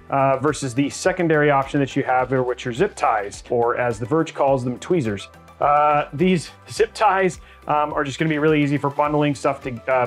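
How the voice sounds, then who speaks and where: A man hosting a hands-on tutorial, explaining each step in an energetic, chatty way with fillers and quick asides. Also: on the high side. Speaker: tech channel host.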